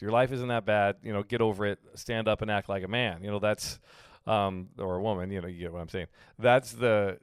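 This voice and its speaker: Low-voiced pastor, casual sermon. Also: male voice, no echo, clean studio sound. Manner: conversational, with frequent fillers and acted-out quotes.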